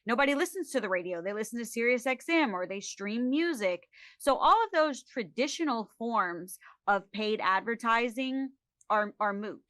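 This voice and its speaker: A woman, a social media expert guest on a podcast, talking in a lively, emphatic, joking way. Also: on the high side, moderate pace, dry recording. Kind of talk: casual interview chat.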